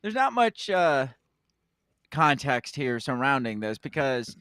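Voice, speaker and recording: A man co-hosting a casual news podcast, chatting and acting out quotes in sudden high voices. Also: sing-song, slow pace, fairly bright tone, clean tone, dry recording, clean studio sound. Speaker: podcast co-host.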